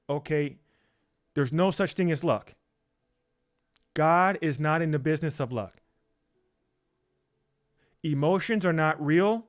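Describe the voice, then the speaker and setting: A man delivers a sermon in a slightly high voice, taking his time over each phrase. He repeats his points with insistence, throws out rhetorical questions, and keeps checking in with his listeners. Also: slow pace, long pauses. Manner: emphatic and repetitive, asks rhetorical questions. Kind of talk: preaching.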